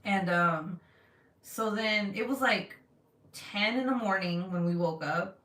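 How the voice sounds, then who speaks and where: A woman's voice: mid-range voice, slow. A young woman chats to her viewers in a loose, profane storytelling flow, acting out whoever she quotes. She sits a little back from the mic, so her voice carries a roomy echo. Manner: animated, profane, acts out quotes in her retelling. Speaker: craft vlogger. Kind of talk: casual storytelling chat, reading live comments. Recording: roomy sound from a distance.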